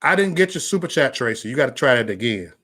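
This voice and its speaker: A man ranting on a casual livestream, loud and profane, stammering and restarting, talking straight to viewers by name. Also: mid-range voice, big pitch swings, fast talker. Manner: chats directly with viewers by name. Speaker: livestream vlogger.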